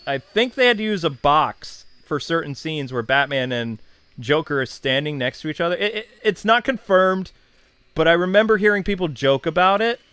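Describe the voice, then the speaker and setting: A man's voice: on the high side, a bit bright, clear, resonant tone, no echo. A man in his thirties, a channel host, casually reminiscing in a chatty, digressive way with many asides.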